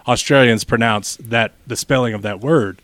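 A man's voice: medium pitch, moderate pace, fairly bright tone, no room sound. A man co-hosting a podcast, arguing his point in a casual group chat. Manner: argumentative, makes a point. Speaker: podcast co-host.

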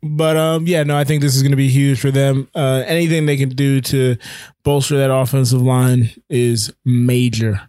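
A young man co-hosting a casual sports podcast, teasing his partner and quick to push back. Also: medium pitch, flat delivery, mellow, no room sound. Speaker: podcast co-host.

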